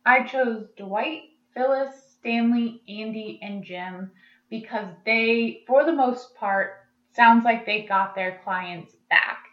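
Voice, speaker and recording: A woman's voice: on the high side, slow. A woman co-hosting a casual podcast, chatty and laughing often as she recaps. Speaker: podcast co-host. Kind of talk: casual chat. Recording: echoey, dull lo-fi sound.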